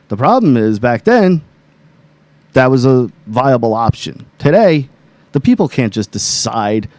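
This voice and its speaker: A man co-hosting a casual talk show, arguing indignantly and getting louder as he presses his point. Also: medium pitch, big pitch swings, moderate pace, no room sound. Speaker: co-host. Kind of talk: heated casual chat.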